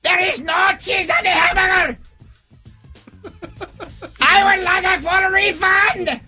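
A radio host voicing a ranting male dictator who shouts stiff orations about cheese on a hamburger. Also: extremely high pitch, fairly even intonation, slow, soft background music, pitched above the performer's own voice, full character voice. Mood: furious ranting. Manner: bellowing, stiff, oratorical shouting. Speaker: radio host doing an impression.

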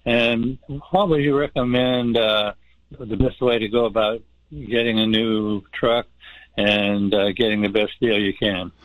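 A man from California calling in to a radio show, hesitant and halting, with many fillers. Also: fairly low pitch, fairly even intonation, dry recording, rough recording. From Sacramento, California. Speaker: caller. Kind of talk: call-in question.

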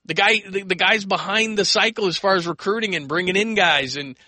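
Bright, high-pitched American sports radio host. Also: male voice, brisk, dry recording. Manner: energetic, rambling, acts out quoted voices. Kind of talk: call-in sports talk.

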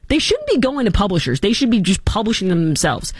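A woman hosts an opinionated commentary show and talks with wide swings of pitch. She mocks the people she talks about and acts out their words. The sound is dry and close. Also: fast talker, husky, dry recording. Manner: animated, mocking, acts out quotes.

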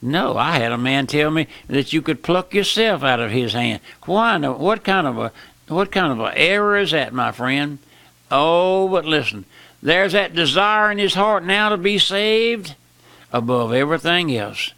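A man preaching a sermon with impassioned pitch jumps, slowing down for emphasis and calling out "my friend" often. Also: lively intonation, gravelly, pushed and bright, no echo.

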